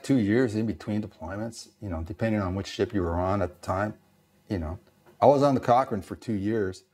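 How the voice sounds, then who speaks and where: A man from East Los Angeles, a Navy veteran, telling stories in an interview and acting out the dialogue. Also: lowish voice. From East Los Angeles, USA. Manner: animated storyteller, acts out dialogue, lots of "you know". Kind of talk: storytelling interview.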